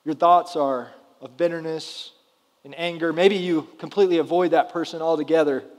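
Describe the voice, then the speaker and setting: Male preacher, high voice, chatty sermon style, long hall reverb. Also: steady tone, normal speed. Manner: conversational, asks the audience questions. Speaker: pastor. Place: church hall before a congregation.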